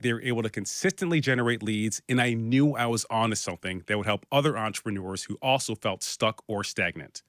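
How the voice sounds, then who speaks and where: A man's voice: medium pitch, a bit bright, no room sound, studio quality. A man hosting a business podcast, delivering a direct, practical scripted monologue with the odd light joke. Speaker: podcast host and business consultant.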